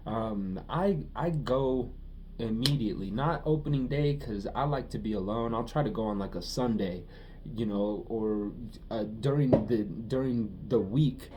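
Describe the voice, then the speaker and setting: A man's voice: mid-range voice, warm tone, a little hiss or hum. A young man talking through a casual personal monologue, emotional and profane, often repeating himself. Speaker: vlogger.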